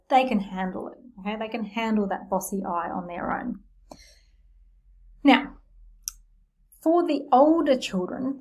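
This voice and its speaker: A woman's voice: mid-range voice, darkish tone, poor audio. A woman with a mid-range voice gives a friendly, explanatory lesson on spelling for teachers. She talks in an easy, conversational way and leans on playful metaphors to make the rules stick. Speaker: literacy teacher trainer.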